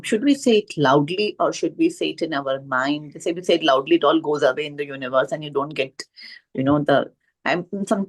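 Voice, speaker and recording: Woman questioner, husky and creaky, unsure phrasing. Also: low-pitched. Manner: hesitant, searching phrasing with fillers. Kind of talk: casual question.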